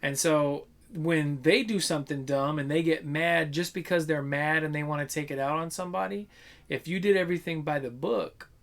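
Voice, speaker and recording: A man, talking casually with a slightly high voice. He tells work stories in an animated way, swearing freely and acting out the people he quotes. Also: moderate pace. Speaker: podcast co-host. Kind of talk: casual chat.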